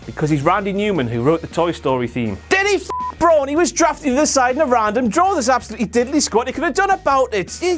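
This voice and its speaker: Man, comedy recap host; high-pitched, animated, sweary and sarcastic. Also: quick pace, hardly any pauses, soft background music. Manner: sarcastic, profane, jokey, slips into silly voices. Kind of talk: comedic wrestling commentary.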